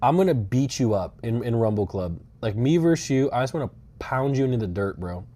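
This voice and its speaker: A man's voice: mid-range voice, expressive, a little fast, mellow. A young man live-streaming from a rental car, chatting casually, rambling and swearing, with dry sarcastic asides. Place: inside a rental car on a road trip.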